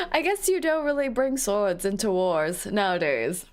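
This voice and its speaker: A woman's voice: medium pitch, sing-song, moderate pace. A woman streamer chatting playfully with her viewers, teasing and laughing as she reads comments aloud. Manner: playful, giggly, teasing, reading chat aloud. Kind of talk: casual live-stream chat while playing a game.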